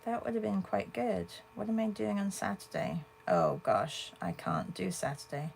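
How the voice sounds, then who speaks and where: A woman with a gravelly, fry-tinged voice chats her way through a painting livestream. She thinks out loud and answers viewers between strokes. A faint hiss sits under her voice. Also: medium pitch, expressive, moderate pace. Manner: chatty, thinks aloud and answers viewers' comments. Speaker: art livestream host. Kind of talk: casual livestream chat while painting.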